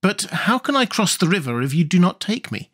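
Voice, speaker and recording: A man's voice: very animated, a little fast, a bit bright, heavily acted. A man voicing an earnest, sensible young boy in a storybook reading. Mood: pleading. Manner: earnest, slightly higher voice.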